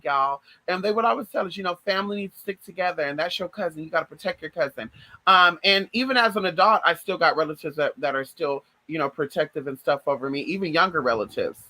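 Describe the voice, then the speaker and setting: A woman's voice: deep voice, sharp tone, no echo, rough recording. A woman vlogger chatting casually to her viewers, swearing freely and calling them y'all and girl. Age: adult. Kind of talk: casual storytelling chat.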